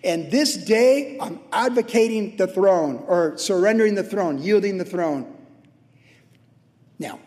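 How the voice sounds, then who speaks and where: A man in his sixties preaching a sermon in a conversational way, acting out quotes with sudden shouts. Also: high voice, expressive, unhurried, in a large hall. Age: 60s. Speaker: pastor.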